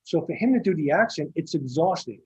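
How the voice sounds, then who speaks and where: Husky Staten Island man telling stories. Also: a little high, a little fast, lo-fi sound. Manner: rambling, repeats words and restarts, animated anecdotes. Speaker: film director and guest. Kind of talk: casual storytelling interview.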